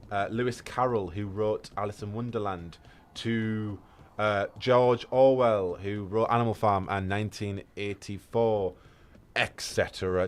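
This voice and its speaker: Male streamer, casual and eager, loose rambling delivery, plenty of ums and restarts. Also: on the low side. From England. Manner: rambling, enthusiastic, many fillers and restarts. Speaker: game streamer.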